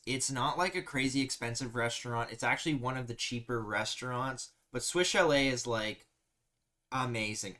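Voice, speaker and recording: A man's voice: mid-range voice, a bit bright. Chatty man hosting a stream. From Canada. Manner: chatty, reads viewer comments aloud, laughs often. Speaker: live stream host. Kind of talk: casual live stream chat.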